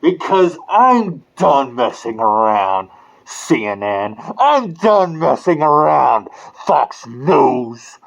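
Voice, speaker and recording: Slow, furious ranting voice. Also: medium pitch, big pitch swings, vocal fry. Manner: furious, profane, emphatic; drawn-out stressed words. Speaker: online commentator. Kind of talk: angry rant to camera.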